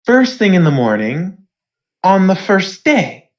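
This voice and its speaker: A woman's voice: on the low side, big pitch swings, slow pace, a little mellow. A woman voicing a cheerful, formal non-human school headmaster. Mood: pleased.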